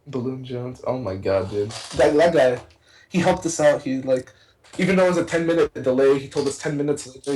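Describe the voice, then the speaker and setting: A young man co-casting a card game tournament in a casual, rambling, excitable way, with many fillers and restarts. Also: medium pitch, a little fast, a little hiss or hum, poor audio. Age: young adult. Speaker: tournament co-caster.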